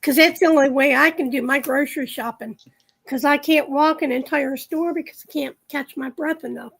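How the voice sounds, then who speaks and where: A woman in casual chat, agreeable and quick to chime in with short yeps. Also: sits high, steady tone, vocal fry, rough recording. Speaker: live stream chat participant.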